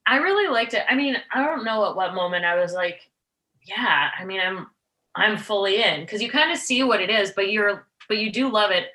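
A woman co-hosting a laid-back film talk, chatty and playful as she retells scenes. Her voice is bright and forward. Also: medium pitch, animated, moderate pace. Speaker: podcast co-host. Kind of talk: casual movie review chat.

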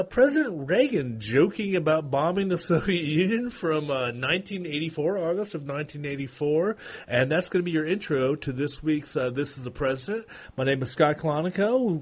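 A man with a slightly higher, husky voice hosts a podcast in loose, rambling chat. He laughs often and trails off mid-sentence. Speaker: podcast host. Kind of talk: casual chat.

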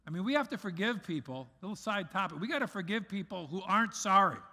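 A middle-aged man preaching a sermon as pastor, earnest, swinging between loud emphasis and soft asides. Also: high voice. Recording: long reverb of a large hall.

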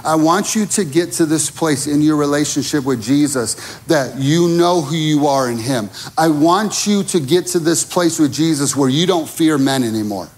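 A man preaching a sermon as pastor, telling stories and acting out dialogue, moving from hushed moments to rising intensity. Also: on the high side, normal speed, hardly any pauses. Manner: animated storytelling, acting out dialogue. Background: music.

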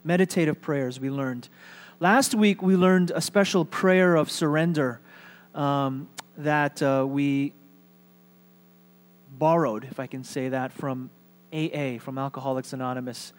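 A man's voice: medium pitch, measured pace. A male pastor preaching a sermon in a conversational way, with fillers and light humor.

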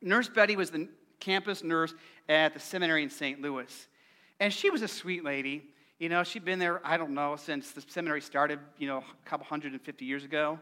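Brief: middle-aged male preacher, very high bright voice, playful and engaging with the crowd. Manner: lively, playful, asks the congregation questions. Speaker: pastor. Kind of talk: sermon.

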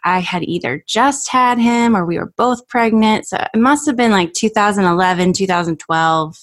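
A woman's voice: medium pitch, moderate pace. A woman hosting a podcast, speaking in an upbeat, friendly, conversational way. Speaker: podcast host. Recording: music under intro.

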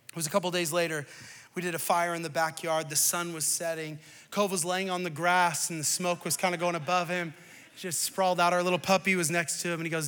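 A male pastor in his thirties preaching a sermon, moving from storytelling to loud, rising exhortation. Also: a little high. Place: church stage.

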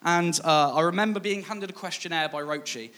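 A man's voice: a little high, a little fast, bright, forceful tone. A man preaching a sermon, in a conversational, self-mocking way that acts out past dialogue. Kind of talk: sermon with personal storytelling.

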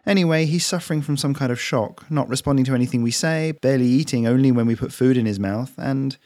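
A man voicing a brisk, worried woman caretaker giving a matter-of-fact report. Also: medium pitch, darkish tone, dry recording, pitched above the performer's own voice, close to an everyday voice. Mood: concerned.

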